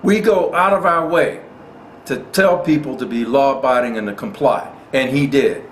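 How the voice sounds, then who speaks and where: A man's voice: mid-range voice, moderate pace. Indignant man ranting in an echoey room. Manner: indignant, repeats lines for emphasis. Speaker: gun rights channel host. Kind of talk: impassioned commentary. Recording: echoey room with faint noise.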